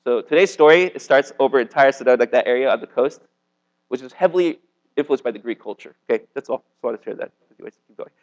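Animated and fast, a man with a medium-pitched voice delivers a conversational sermon to young listeners in a meeting room. He's likely a youth pastor and keeps using "like" and "okay?". The audio sounds dull.

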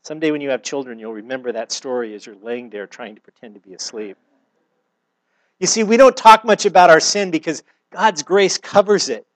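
A man's voice: fairly high pitch, fairly quick, dry recording. A middle-aged man preaching a sermon in an earnest, conversational way, with everyday examples and frequent restarts. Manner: repeats words when restarting. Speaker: pastor.

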